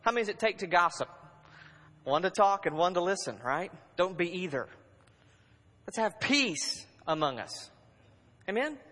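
A male pastor delivers an animated sermon and urges his congregation on. His voice sits a little high, and it swings from loud exhortation to quiet, hushed asides. A long reverb from a large hall hangs behind every phrase. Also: moderate pace, pauses often.

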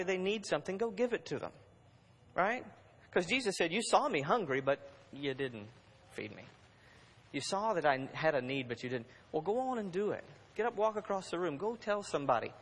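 Animated preacher man in a reverberant hall. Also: a little high. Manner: animated, exhorting, swings between loud and hushed. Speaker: pastor. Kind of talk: sermon.

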